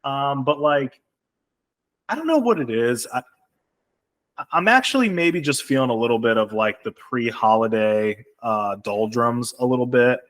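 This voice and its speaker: A man with a mid-range voice co-hosts a relaxed podcast chat. He rambles in a laid-back way, leaning on fillers and dropping casual curses as he talks. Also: mid-range voice, measured pace. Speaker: podcast co-host.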